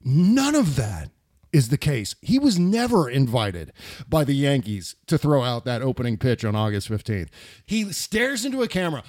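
A man's voice: mid-range voice, very animated, normal speed, darkish tone, no room sound. A man hosting a podcast in casual political comedy chat, sarcastic and riffing, close on a studio mic. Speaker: podcast host.

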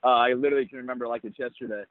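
A young adult man, a baseball player, telling a personal story in an interview in an earnest, reflective way with halting restarts. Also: mid-range voice, steady tone, no echo. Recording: tinny phone-like, dry sound.

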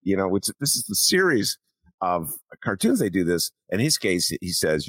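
A man's voice: low-pitched, very animated, normal speed, fairly bright tone, breathy edge, dry recording. A man hosting a political talk podcast, rambling with many fillers and mock voices. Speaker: podcast host.

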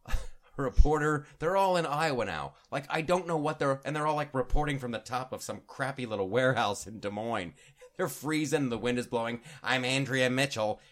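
A man's voice: fairly high pitch, a bit bright. A man hosting a casual political talk show, joking and acting out quoted people with bursts of laughter. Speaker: podcast host.

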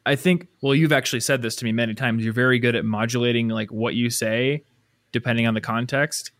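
A man's voice: mid-range voice, steady tone, fairly quick, a bit bright, no room sound. Man, podcast co-host, casual chat, teasing, dry close mic. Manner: teasing, playful.

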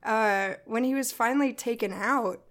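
Animated woman telling a story on a podcast. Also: a little high. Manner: animated, quick storytelling with playful asides. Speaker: podcast guest. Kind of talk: casual comedic chat.

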